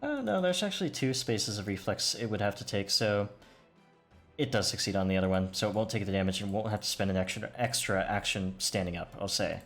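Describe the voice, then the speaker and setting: A man narrating combat turns as game master, quick and matter-of-fact. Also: on the low side, lively intonation, a bit bright, faint music behind. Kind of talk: running a tabletop game.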